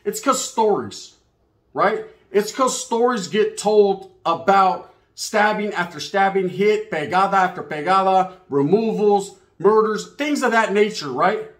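A man's voice: high-pitched, measured pace, a bit bright. A man telling stories in a casual monologue, heavy on street slang and swearing, acting out the voices of other people. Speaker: channel host. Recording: echoey room.

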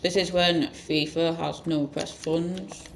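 A gaming channel host giving rambling let's-play commentary with sudden loud outbursts. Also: medium pitch, steady tone, slow pace, vocal fry, a little hiss or hum.

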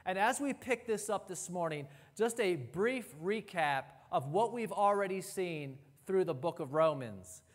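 A man preaching a sermon as pastor, emphatic, with pauses and repeated phrases, recorded in a church sanctuary. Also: high-pitched, lively intonation, big-room sound.

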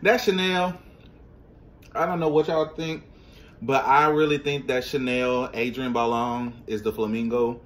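A man hosting a casual reaction vlog, speaking straight to his viewers in an animated, slangy way. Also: medium pitch, measured pace. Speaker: vlogger.

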